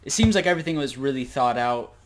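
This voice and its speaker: A man's voice: mid-range voice, animated, quick pace. A teenage boy co-hosting a music podcast, rambling and hesitant, with frequent laughs in casual chat. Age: teens. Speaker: podcast co-host.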